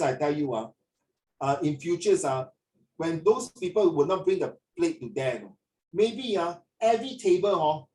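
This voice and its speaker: A man's voice: on the high side, darkish tone, distant mic. Singaporean man, teacher, chatty Singlish, roomy echo, a bit off mic. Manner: chatty, Singlish, switches into Mandarin. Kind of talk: online class teaching.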